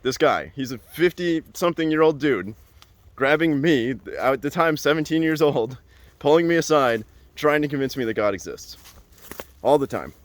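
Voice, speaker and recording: A young adult man hosting a podcast, telling a story in a casual, animated way and repeating phrases for emphasis. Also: on the high side, moderate pace, no echo. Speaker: podcast host.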